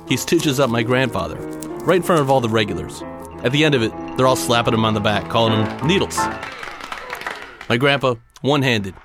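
A man telling a dramatic personal story in punchy, short clipped phrases. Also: medium pitch.

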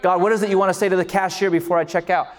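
A man preaching a sermon as pastor, passionate and building to shouts on key lines. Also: sits high, little pitch movement, very fast. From California.

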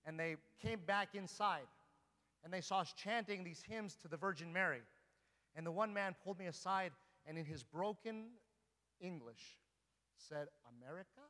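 Speaking at a moderate pace, an Orthodox priest gives an earnest church sermon and keeps putting rhetorical questions to his listeners. His voice is bright, forceful and slightly higher than the typical man's. The big hall adds a long reverb after every phrase.

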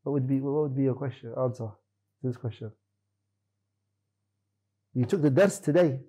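Mellow, husky man quizzing his students. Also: mid-range voice, normal speed, rough recording. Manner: questioning, corrects students firmly. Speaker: Islamic teacher. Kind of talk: classroom lesson quizzing students.

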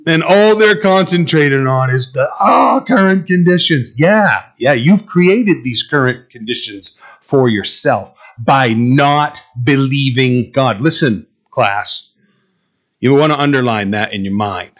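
A man's voice: medium pitch, animated, unhurried, lo-fi sound. A man preaching a sermon to a Bible class, emphatic, asking his listeners questions and repeating key phrases. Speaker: pastor teaching a Bible class.

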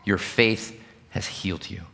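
Man doing a calm gentle healer, low and soft, lots of hall reverb. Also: vocal fry, full character voice. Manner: quiet, low and unhurried. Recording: long reverb of a large hall.

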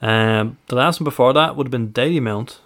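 A man's voice: medium pitch, brisk, fairly bright tone. Man reeling off football stats. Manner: reels off stats and dates, methodical. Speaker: podcast co-host, stats presenter. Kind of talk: casual podcast chat.

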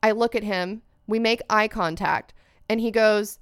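Woman from california on a podcast, chatty storyteller, crisp voice, no room echo. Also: medium pitch, measured pace, clean studio sound. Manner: animated, acts out shouted quotes. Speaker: podcast co-host. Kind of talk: casual storytelling chat.

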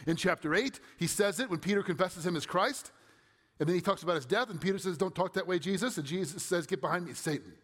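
Heard through long hall reverb, a man's high-pitched, fast, slightly bright voice reads from scripture. He then moves into a conversational sermon as a pastor, posing rhetorical questions to those listening.

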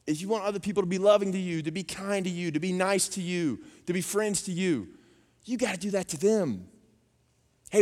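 A man, preaching a sermon and telling family stories with animated impressions. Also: high voice. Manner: animated storytelling, acting out his daughters' voices. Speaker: pastor. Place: church auditorium. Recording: long reverb of a church hall.

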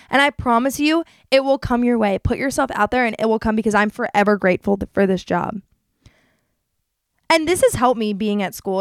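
This is a clean, dry studio recording of a young adult podcast host from New Jersey whose voice sits on the high side, clear and resonant. Chatty and candid, she delivers a casual confessional monologue about her life, acting out quoted voices with energy.

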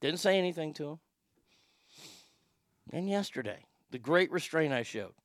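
A middle-aged man hosts a show, telling a story as a casual, profane rant full of stammered restarts. His voice is a little high and animated, at a moderate pace. The sound is clean studio audio with no echo.

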